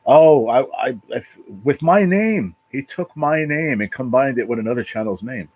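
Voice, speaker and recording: A man hosting his own livestream from his apartment, talking casually and emotionally in a halting, repetitive way with a lot of swearing. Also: medium pitch, expressive, darkish tone, no echo, low-quality recording. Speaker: livestream channel host. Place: apartment at home.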